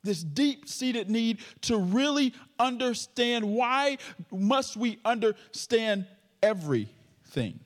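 A man's voice: very high-pitched, sing-song, takes it slowly. A man preaching a sermon with a stutter, joking playfully with the congregation. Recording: long hall reverb.

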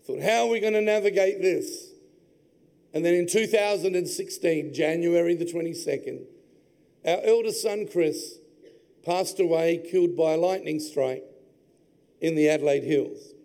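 High, gravelly older preacher. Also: male voice, moderate pace, warm tone. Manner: heartfelt personal storytelling. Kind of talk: sermon. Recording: long hall reverb.

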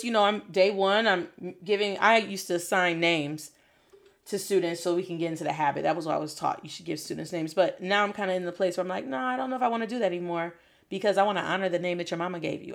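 With a medium-pitched voice, this young adult woman teaches Spanish in a relaxed, spoken lesson. Her delivery is lively and full of slang, and she mixes Spanish expressions into what she says.

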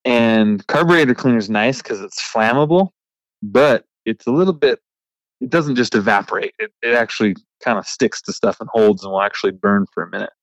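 A man who works as a trucker, hosting a podcast and telling an animated, frustrated story in casual chat with a laugh now and then. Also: on the low side, fairly quick, dry recording, highs cut off. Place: remote recording.

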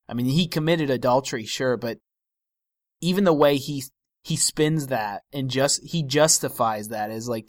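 A man's voice: medium pitch, no echo, studio quality. A man co-hosting a film podcast, giving wry, analytical opinions in casual discussion with frequent restarts.

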